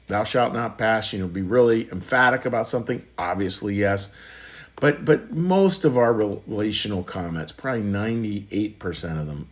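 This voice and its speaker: A pastor talks to his online congregation in an easy, conversational way. His voice sits a little low, and he often repeats and restarts phrases as he works toward his point. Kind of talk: sermon. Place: church livestream.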